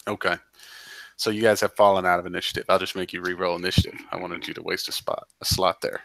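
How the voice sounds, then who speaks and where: Male game master, low voice, dry recording, rambling casual narration. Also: flat delivery, fast, creaky, pushed and bright, dry recording. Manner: rambling, run-on narration with many fillers.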